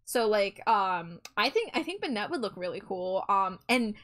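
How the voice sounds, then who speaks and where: A woman's voice: medium pitch, very animated, moderate pace, a bit bright. A woman hosting a live stream, chatting casually with viewers and reading their messages in a bubbly, giggly way. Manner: bubbly and giggly, reads chat aloud. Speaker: livestream host. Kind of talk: casual chat with viewers while drawing.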